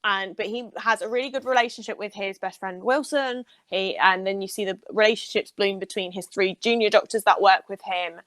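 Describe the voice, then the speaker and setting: A woman's voice: medium pitch, fairly even intonation, a little fast, few pauses, fairly bright tone, no echo. A woman who works as a nurse, chatting enthusiastically and rambling on a casual podcast. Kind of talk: casual chat.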